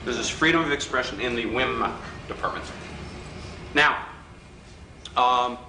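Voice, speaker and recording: In a hotel function room before a live audience, a joking man lectures in a bright, forceful, medium-pitched voice, a little slowly. His political persuasion workshop talk is full of teasing and acted-out quotes in anecdotes, recorded from afar in an echoey hall with faint hiss.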